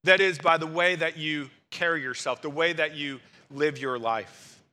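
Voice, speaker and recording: A man's voice: on the high side, steady tone, moderate pace, bright, forceful tone. A man preaching a sermon, emphatic and full of rhetorical questions to the congregation. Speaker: pastor.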